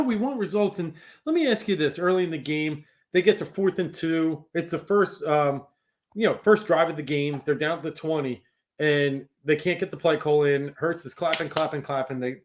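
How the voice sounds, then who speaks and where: A man, co-hosting a casual sports podcast. He rants in frustration in a slightly raised voice. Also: fairly high pitch. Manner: frustrated, ranting. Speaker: podcast co-host.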